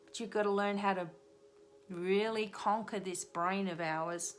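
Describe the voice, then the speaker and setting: A woman's voice: mid-range voice, fairly even intonation, unhurried, slight background noise. A middle-aged woman, a spiritual reader and hypnotherapist, giving a live-streamed tarot reading in an earnest, repetitive coaching tone. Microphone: webcam or phone on a live stream.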